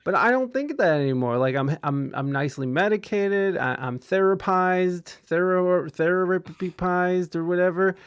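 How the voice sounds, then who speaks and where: Profane rambling man, higher voice. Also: lively intonation, moderate pace, few pauses, clear, resonant tone, no echo, clean studio sound. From Ohio. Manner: profane, rambling, stammers and restarts. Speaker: podcast host. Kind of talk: casual podcast chat.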